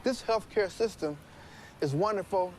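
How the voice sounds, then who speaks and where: A man's voice: sits high, normal speed, a little mellow, a little hiss or hum. A middle-aged American man, a father on a documentary, chatting flirtily and with showy self-satisfaction. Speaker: father on a family-swap documentary. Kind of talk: playful chat on camera.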